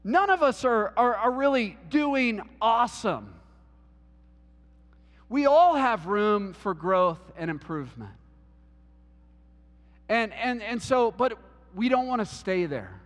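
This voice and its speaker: High-voiced guy preaching in church, earnest, lots of "like", big reverby hall. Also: very animated, takes it slowly, pauses often. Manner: earnest, repeats words, many "like" fillers. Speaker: pastor. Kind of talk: sermon.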